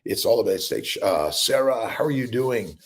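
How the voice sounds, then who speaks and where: A man's voice: mid-range voice, expressive, normal speed. A middle-aged male doctor hosting a casual morning livestream, rambling and upbeat as he greets viewers by name. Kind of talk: casual livestream chat reading viewer comments.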